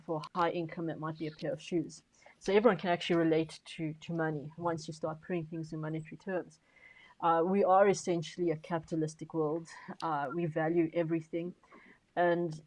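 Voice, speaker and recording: Emphatic woman panelist, low voice. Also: little pitch movement, fairly quick, darkish tone, rough recording. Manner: emphatic, persuasive, repeats words for stress; frequent fillers and restarts. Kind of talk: conference panel discussion.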